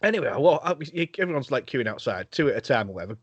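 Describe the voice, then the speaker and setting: A man's voice: mid-range voice, big pitch swings, rapid-fire, husky, dry recording. A man hosting a podcast, chatting casually over a video call, swearing a lot, laughing often and rambling through stories. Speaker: podcast host. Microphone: video call headset or desk mic. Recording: dull lo-fi video call audio.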